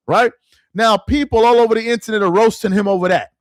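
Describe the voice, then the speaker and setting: A man's voice: sits high, fairly even intonation, quick pace, dry recording. A man hosting a sports commentary channel, ranting to camera in an exasperated voice and hammering the same phrases over and over. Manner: exasperated, repeats phrases for emphasis.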